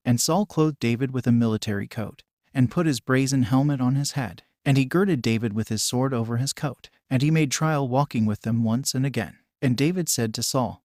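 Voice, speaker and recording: A man's voice: medium pitch, no room sound. Man reading scripture, dry and close. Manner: measured, even reading. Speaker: audiobook narrator.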